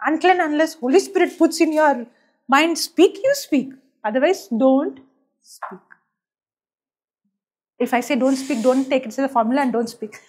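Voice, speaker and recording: A woman preaching a sermon in an animated way, acting out other people's complaints and laughing at her own stories. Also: sits high, moderate pace, pauses often.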